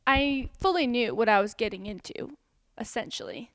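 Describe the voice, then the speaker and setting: A woman's voice: on the high side, expressive, moderate pace, a bit bright. A young adult woman giving a satirical TED-style talk as a student presenter, sarcastic and mock-dramatic, laughing often.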